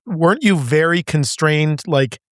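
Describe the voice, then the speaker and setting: A man hosts a casual podcast from a studio. His voice sits somewhat high and is picked up dry on the mic. He keeps chiming in with quick agreement and questions. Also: a bit bright, no echo. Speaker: podcast host. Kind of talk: casual chat.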